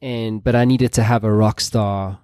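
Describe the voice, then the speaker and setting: A man hosts a casual podcast interview, wandering loosely through his thoughts with the odd swear word. His voice sits low and dark. The sound is dry and close. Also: steady tone, normal speed, clean tone, no room sound. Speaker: podcast host.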